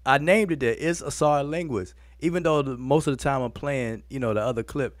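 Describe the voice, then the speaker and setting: A man hosts a live stream in a loose, casual way, calling his viewers y'all and breaking into long bouts of laughter. His voice sits at a middling pitch, and the sound is dry and close with no room echo. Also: a little fast. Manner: informal, addresses viewers as y'all. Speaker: host of a live video show.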